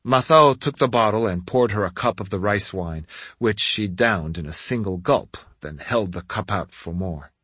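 A man with a husky voice narrating a story in the first person, measured and expressive. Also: on the low side, dry recording. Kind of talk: scripted audiobook narration.

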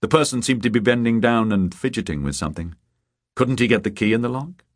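A man narrating a thriller audiobook in a measured, even storytelling manner. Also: mid-range voice. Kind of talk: scripted narration. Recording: dry close studio sound.

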